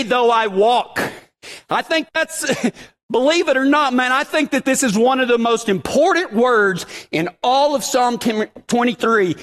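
Animated high-voiced preacher with drawl. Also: male voice. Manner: animated storyteller, chatty and self-deprecating. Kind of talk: casual sermon with personal stories.

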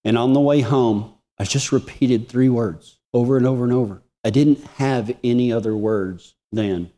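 A man preaching a sermon, telling a personal testimony with emotion, moving from hushed lines to soaring ones. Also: medium pitch, normal speed, few pauses.

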